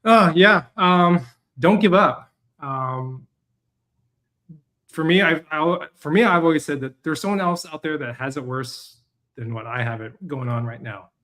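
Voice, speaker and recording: A man's voice: fairly high pitch, unhurried, fairly bright tone. A man being interviewed as a guest, speaking earnestly and encouragingly. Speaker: guest, resilience coach. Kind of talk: interview conversation.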